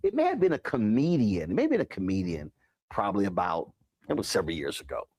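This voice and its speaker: A man hosting a talk show and interviewing an author, telling stories with lively repetition for emphasis. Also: fairly low pitch, fast talker. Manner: animated storyteller, repeats phrases for emphasis.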